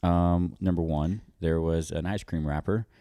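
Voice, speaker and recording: A man's voice: low voice, steady tone, unhurried, dark tone, dry recording. A man in his thirties co-hosting a podcast, complaining about his partner in casual, exaggerated banter. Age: 30s. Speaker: podcast co-host.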